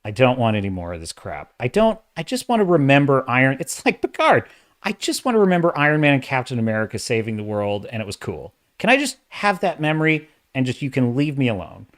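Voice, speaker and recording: Male commentary host, casual rant, exasperated and animated, uneven bursts of speech. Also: medium pitch, fairly quick. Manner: opinionated, exasperated, talks in bursts with restarts. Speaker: host of a sci-fi and fantasy commentary channel. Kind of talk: casual ranting commentary livestream.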